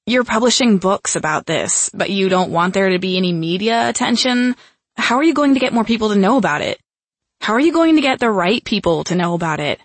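A man's voice: high voice, animated, brisk, fairly bright tone, no echo, pitched above the performer's own voice, full character voice. A male audiobook narrator voicing a blunt young punk woman who questions him skeptically, in a raised voice.

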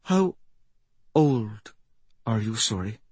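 A man voicing a frightened, desperate old woman who cries out in a trembling, high voice. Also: sing-song, takes it slowly, darkish tone, breathy edge, no room sound, exaggerated voice.

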